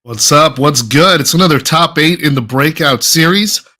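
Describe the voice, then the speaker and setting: A man calls a fighting game tournament with a bright, ringing voice that sits a little high for a man. He talks with hyped, chatty energy, riding the action as it happens. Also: moderate pace. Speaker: esports commentator.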